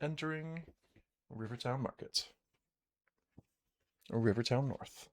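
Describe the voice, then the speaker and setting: A man's voice: mid-range voice, takes it slowly, no room sound. A man narrating a solo tabletop game on a live stream, reading game text aloud and chatting to himself as he plays.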